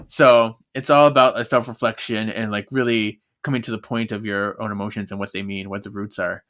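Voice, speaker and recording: A man co-hosting a podcast, recapping a book in casual chat, animated and laughing often as he quotes the characters. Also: on the low side. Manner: animated retelling with quick quoted voices and frequent laughs. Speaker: podcast co-host.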